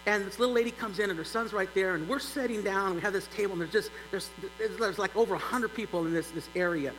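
Middle-aged pastor guy telling funny stories, sharp bright voice, gets loud n animated, echoey big church. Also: high voice, fast talker. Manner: animated, builds to loud exclaims. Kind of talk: humorous sermon storytelling. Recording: long church reverb, faint hum.

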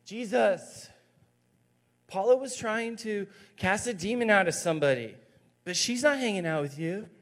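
A man's voice: sits high, expressive, a little slow, fairly bright tone, pitched above the performer's own voice. A man voicing a petulant young male disciple in a whiny, complaining voice. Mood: whining. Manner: complaining, tattling.

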